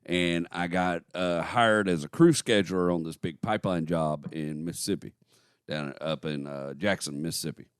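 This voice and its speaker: A man's voice: deep voice, normal speed, clean tone, dry recording, studio quality. A man in his forties, a podcast co-host telling a long story in casual chat, laughing as he talks. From Texas.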